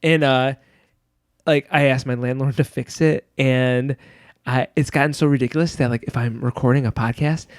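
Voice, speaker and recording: A man's voice: mid-range voice, normal speed, clear, resonant tone, no room sound, studio quality. A young man hosting a podcast, telling stories in a rambling, casual way with lots of fillers. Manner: rambling, filler-heavy, animated storytelling. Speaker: podcast host. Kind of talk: casual chat.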